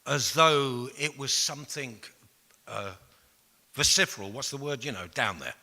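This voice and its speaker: A man, telling blunt, profane stories to an audience, jumping from loud outbursts to hushed asides. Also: mid-range voice, expressive, a little slow. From England. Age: 60s. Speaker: speaker. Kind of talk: storytelling talk to an audience. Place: large hall with an audience. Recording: long reverb of a large hall.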